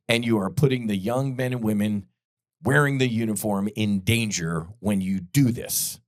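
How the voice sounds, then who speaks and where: A man's voice: lowish voice, moderate pace, dry recording, clean studio sound. A man hosting a podcast, delivering blunt, heated political commentary full of profanity. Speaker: podcast host.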